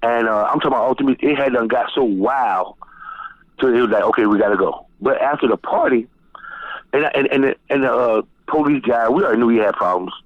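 A middle-aged man from Florida, telling stories as a guest DJ in a loose, profane, animated way. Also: brisk, no echo. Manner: animated, profane, jumps high when quoting people. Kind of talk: casual storytelling interview. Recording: tinny phone-line sound, dry.

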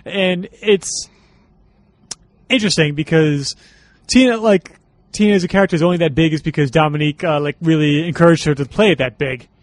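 A man's voice: fairly high pitch, fairly quick, no echo. A man co-hosting a casual movie commentary, chatty and sharing trivia with frequent laughs. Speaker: film commentary co-host.

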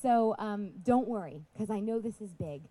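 A woman's voice: mid-range voice, expressive, normal speed. A woman speaking live at a Christian festival, raising her voice to reach the back of the audience, with chatty, apologetic asides. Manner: projecting loudly to reach the back. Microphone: PA microphone.

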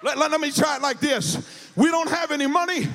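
A male pastor preaching a sermon, shouting in a sing-song cadence and stammering repeated words. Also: very high-pitched, brisk, creaky. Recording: reverberant church hall.

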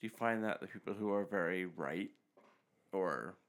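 A man on a casual podcast, halting and stumbling as he searches for his point. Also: sits low, a bit bright, clean tone. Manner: halting, stumbling over words. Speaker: podcast co-host.

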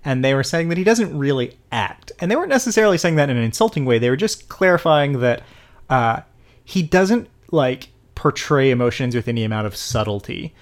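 A man's voice: mid-range voice, lively intonation, a little fast. A man co-hosting a casual film discussion, animatedly retelling scenes and acting out characters' lines. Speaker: podcast co-host.

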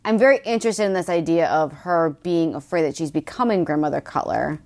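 A woman co-hosting a casual book discussion, crude, jokey and animated. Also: low voice, a little fast. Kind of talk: casual chat.

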